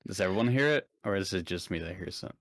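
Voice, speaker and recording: Guy playing a tabletop game, low voice, dry close sound, easygoing joker. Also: animated, fast talker, dry recording. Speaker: player. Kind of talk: casual play chat.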